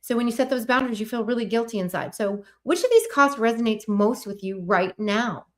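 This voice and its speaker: A woman hosts a live online workshop in an earnest, coaching tone. Her voice sits a little high, and she turns questions back to the viewers as she talks. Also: animated, fairly quick. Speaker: host.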